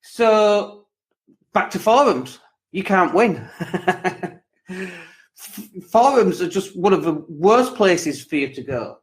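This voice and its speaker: A man's voice: high-pitched, takes it slowly, pauses often. A man from England hosting his own podcast, talking casually and animatedly in a livestream monologue full of jokes and rants. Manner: animated, lively, jokey and ranting. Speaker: podcast host and property coach.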